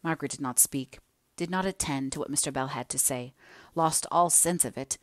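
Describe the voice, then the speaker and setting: A woman narrating a classic novel aloud as an audiobook reader, in a measured storytelling way. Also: low voice, no echo, studio quality.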